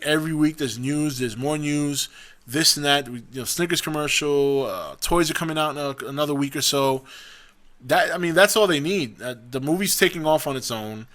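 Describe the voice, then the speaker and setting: A man's voice: on the high side, a bit bright. A young man hosting a casual opinion vlog, talking in a rambling, chatty way with frequent restarts and self-corrections. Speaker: vlog host.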